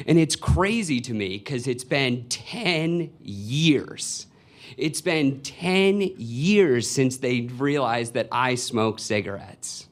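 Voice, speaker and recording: A young man in his twenties telling a confessional personal story to a live audience. He speaks slowly and deliberately, with wry asides, at a middle pitch for a man. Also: lively intonation, fairly bright tone. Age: 20s. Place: stage before a live audience.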